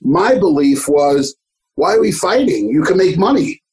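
A man's voice: a little high, animated, moderate pace, darkish tone, low-quality recording. A middle-aged man from the Bronx with a New York accent, telling rambling, swear-laden stories as an interview guest. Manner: rambling, streetwise, swears freely, acts out others' voices. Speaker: actor, guest. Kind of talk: casual storytelling interview.

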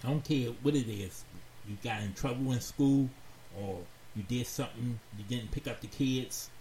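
A man hosting a radio talk show, giving heartfelt advice in a slow, earnest, preachy way and repeating phrases for emphasis. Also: mid-range voice, dark tone. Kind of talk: heartfelt advice monologue to listeners. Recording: roomy echoey sound with faint background noise.

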